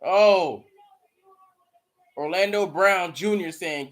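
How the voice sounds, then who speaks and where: A man hosting a live watch party, commenting casually and profanely on the game with excitable outbursts. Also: high-pitched, moderate pace. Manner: profane, excitable, bursts into mocking shouts. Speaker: live stream host.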